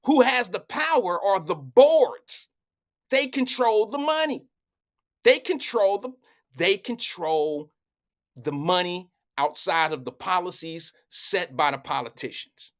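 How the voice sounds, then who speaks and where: Animated man hosting a live talk show. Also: high-pitched. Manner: animated, preachy, colloquial. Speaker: host.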